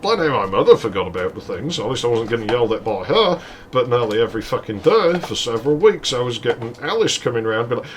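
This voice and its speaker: A man's voice: medium pitch, very animated, a little fast, a little hiss or hum. Sweary man telling a story. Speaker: let's play host. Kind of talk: casual gameplay commentary and storytelling.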